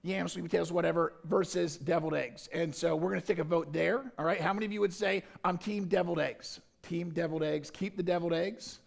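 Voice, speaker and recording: A man with a high-pitched voice and a gravelly edge calls out to a church crowd. He is jokey and energetic, stirring the congregation into a playful vote. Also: a little fast, few pauses. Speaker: pastor. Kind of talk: playful audience poll from the stage. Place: church service.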